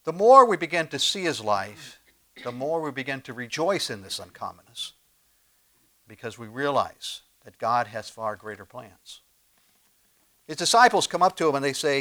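A male pastor delivering a sermon in an animated, conversational way. He leans into loud emphatic phrases, then drops to quiet asides and throws rhetorical questions at the congregation. His voice sits at an ordinary middle pitch for a man. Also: normal speed. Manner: animated preaching with big swings in loudness and pace.

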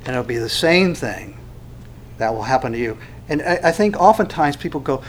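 A man preaching a sermon, animated, acting out quoted dialogue with frequent restarts. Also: fairly high pitch, normal speed. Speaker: pastor.

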